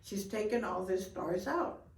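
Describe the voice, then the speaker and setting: A woman's voice: medium pitch, unhurried, vocal fry. Older woman telling a story, roomy distant sound. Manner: warm, lively storytelling with gasps and laughs. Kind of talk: told folk story. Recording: roomy, from far off.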